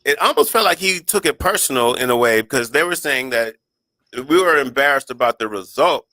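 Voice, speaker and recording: Male sports talk host, bright edge, rambling reader of listener comments. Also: mid-range voice, animated, a little fast, no room sound. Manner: rambling, restarts mid-thought, reads listener comments. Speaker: radio show host.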